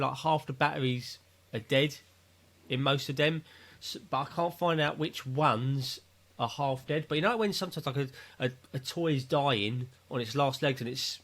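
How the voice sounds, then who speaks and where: Rambling man with a gravelly voice. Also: a little high, a bit bright. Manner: rambling, self-mocking. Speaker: podcast co-host. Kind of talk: casual chat.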